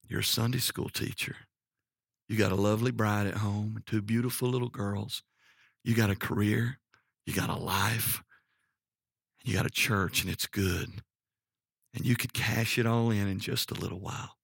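A man voicing God as a gentle inner voice, hushed and slow. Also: lowish voice, fairly even intonation, gravelly, husky, no room sound, clean studio sound, voice pushed down, exaggerated voice. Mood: gentle warning. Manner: hushed, slow, soft-spoken. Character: God whispering to the heart, gentle, calm.

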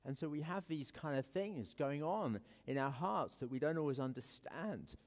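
Lively man preaching in an echoey hall. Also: on the high side, normal speed. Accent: English. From South Africa. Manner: conversational, self-deprecating with many fillers and restarts. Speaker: pastor. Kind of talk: sermon. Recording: echoey hall with long reverb.

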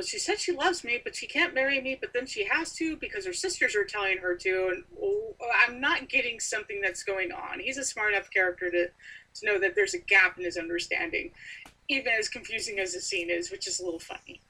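A woman in casual chat about a book, thoughtful and measured, with frequent "you know". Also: medium pitch, pushed and bright, slightly rough, distant mic, poor audio. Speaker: book discussion co-host.

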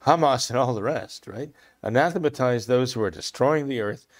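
A man speaks in impassioned commentary, hammering each point by repeating it. He clears his throat often between phrases. His voice sits at a middle pitch. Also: normal speed. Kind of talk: religious commentary discussion.

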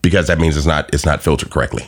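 A man's voice: a bass voice, steady tone, very fast. A man telling loose, profane stories in a casual podcast chat, laughing as he goes. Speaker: podcast guest.

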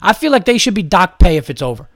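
A man's voice: high-pitched, big pitch swings, fast talker, a bit bright, no echo, studio quality. A man in his thirties hosting a podcast, ranting in a profane, exasperated comic monologue and mimicking other people. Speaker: podcast host.

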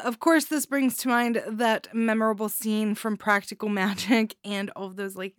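A woman's voice: mid-range voice, fairly bright tone, clear, resonant tone, no echo, clean studio sound. A woman hosting a podcast, giving a casual, chatty review with bubbly enthusiasm and frequent giggles. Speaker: podcast host reviewing stories.

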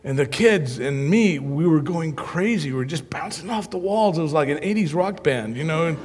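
A man preaching through a humorous personal story, animated and self-mocking. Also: a little high, moderate pace, long reverb tail, a little hiss or hum.

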